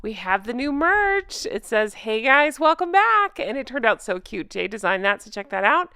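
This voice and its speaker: A woman's voice: medium pitch, animated, normal speed, gravelly, pushed and bright, clean tone, no room sound, studio quality. A woman from the American South hosting her channel in casual chat, chatty and full of thanks to her viewers. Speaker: channel host.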